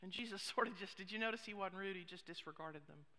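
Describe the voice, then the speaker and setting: A woman pastor preaching a sermon, expressive, with hushed asides. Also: mid-range voice, quick pace. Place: church sanctuary. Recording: long reverb of a church hall.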